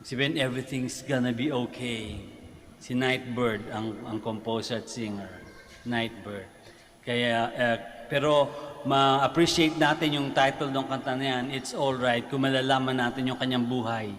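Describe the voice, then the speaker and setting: A man's voice: medium pitch, level tone, moderate pace, fairly bright tone. A man with a Filipino accent, a priest giving a morning homily in a conversational preaching manner and posing rhetorical questions. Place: large church basilica. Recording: long church reverb with faint noise.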